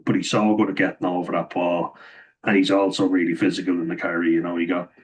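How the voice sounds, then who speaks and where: A young Irish man talks through his rugby picks in a low, level voice that rarely rises or falls. He is chatty and opinionated, laughing as he goes, and his voice sounds a bit hoarse. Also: flat delivery, fast talker, a little hiss or hum, rough recording. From Ireland. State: slightly hoarse, losing voice. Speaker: rugby pundit vlogger. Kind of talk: casual rugby commentary.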